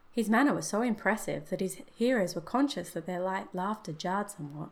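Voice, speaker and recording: A woman narrating a classic short story in a steady, measured storybook reading. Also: medium pitch.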